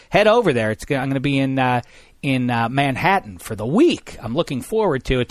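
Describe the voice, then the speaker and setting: A man's voice: a little high, fairly bright tone, no echo. A man hosting a casual studio podcast, jokey and playful as he introduces guests. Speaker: podcast host.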